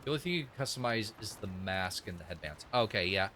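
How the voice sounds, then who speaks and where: A man's voice: fairly low pitch, expressive, quick pace, background noise. Chatty young man streaming a game. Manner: chatty, opinionated, thinks aloud with restarts. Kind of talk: casual live gameplay commentary.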